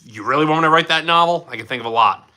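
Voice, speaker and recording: A man's voice: a little high, racing, pushed and bright, clear, resonant tone. A man from Philadelphia hosting a livestream, chatting casually and enthusiastically as he answers viewers' questions. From Philadelphia, USA. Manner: chatty, enthusiastic, jumps between topics. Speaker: livestream host.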